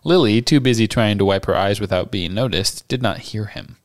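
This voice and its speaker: A man's voice: lowish voice, normal speed. A man hosting a podcast, reading a novel aloud and discussing it. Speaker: podcast host and reader.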